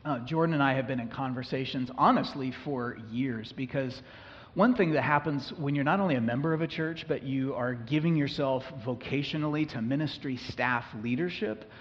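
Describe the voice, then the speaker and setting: A man leading a church meeting as pastor, talking in a relaxed, conversational way with frequent fillers, and praying before his congregation. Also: mid-range voice, normal speed. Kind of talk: church meeting address and prayer. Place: church room with a small gathering. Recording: dull live-stream recording in a reverberant hall.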